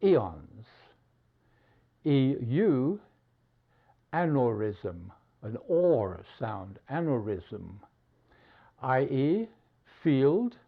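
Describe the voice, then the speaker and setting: A man teaching English spelling at a very slow, measured pace, with a lot of rise and fall in his voice. He leaves a gap after each example word. The recording sounds dull and lo-fi. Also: mid-range voice, big pitch swings, vocal fry. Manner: slow, deliberate, pausing between words.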